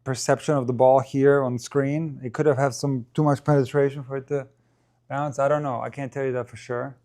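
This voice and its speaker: A man's voice: medium pitch, flat delivery, a little fast, darkish tone. A man giving casual live commentary on a match, thinking aloud and talking to his viewers.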